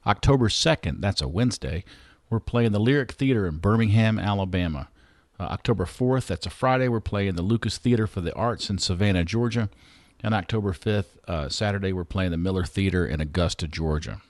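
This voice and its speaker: A man with a Southern accent hosting a podcast, reading his intro and sponsor spots in a relaxed, conversational way with some fillers. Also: on the low side, brisk, no echo. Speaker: podcast host. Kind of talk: scripted podcast intro and ad reads.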